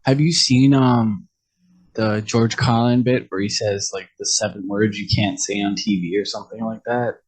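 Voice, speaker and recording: A man's voice: on the low side, fairly even intonation, normal speed, husky. A man as a podcast guest in casual chat, easygoing, dropping chuckling asides and short backchannels.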